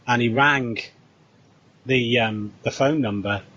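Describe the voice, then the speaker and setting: A man's voice: medium pitch, slow, highs cut off. A British man casually retelling a story, acting out the dialogue as he goes. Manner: animated retelling with quoted dialogue. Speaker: co-host.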